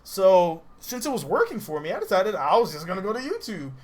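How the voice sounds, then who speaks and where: A man's voice: sits high, very animated, fairly quick. A man from the Southern US giving casual livestream commentary while he plays a game, laughing often and greeting viewers in chat.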